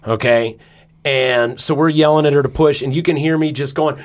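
A man on a podcast telling a personal story in casual chat, animated and swearing freely, acting out his own shouts. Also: a little high, normal speed. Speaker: podcast co-host.

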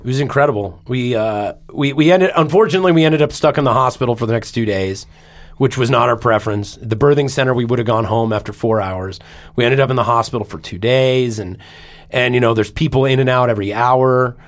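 Animated man telling a story. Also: medium pitch, brisk. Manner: animated, swearing, acts out his own shouts. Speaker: podcast co-host. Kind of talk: casual storytelling chat.

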